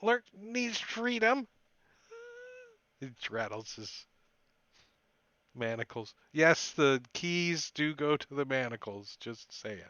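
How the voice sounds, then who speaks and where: A man's voice: mid-range voice, expressive, slow, pushed and bright, no echo, dull audio. A man narrating a tabletop game as game master, casual with many fillers.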